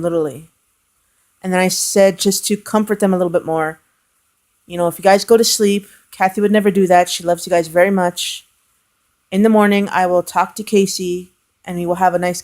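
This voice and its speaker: A woman's voice: fairly low pitch, fairly even intonation, fairly quick. A woman, an aunt, telling a family story in a casual vlog, earnest and hesitant, with fillers and restarts, growing subdued and emotional.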